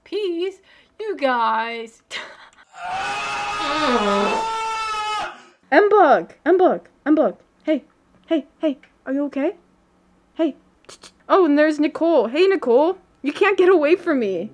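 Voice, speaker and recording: Young woman gaming streamer, casual and excitable, high voice, very lively pitch, prone to shrieks. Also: extremely slow, long pauses, background noise. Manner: excitable, squeals and shrieks, giggly. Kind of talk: casual gaming livestream commentary.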